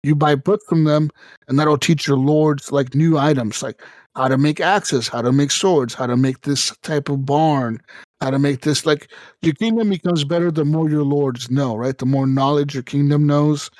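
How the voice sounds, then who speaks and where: A man co-hosting a casual gaming podcast, telling stories in an animated, profane way with sudden jumps up in pitch. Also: moderate pace, no echo. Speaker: podcast co-host.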